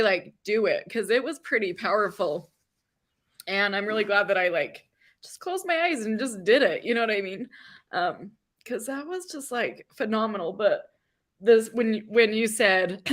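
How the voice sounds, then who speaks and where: A woman's voice: on the high side, fairly bright tone. A woman hosting a live stream, chatting casually with many fillers, emotional and tearful at times. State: crying at times. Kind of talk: casual chat.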